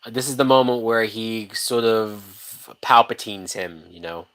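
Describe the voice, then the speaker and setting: An excitable man talks through a film as it plays, swearing freely and breaking into laughter. He jumps between thoughts and restarts his sentences, in loose, chatty commentary. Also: on the low side, unhurried, clear, resonant tone. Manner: animated, profane, laughs often, many restarts. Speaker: movie reaction host. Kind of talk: casual live-watch movie commentary.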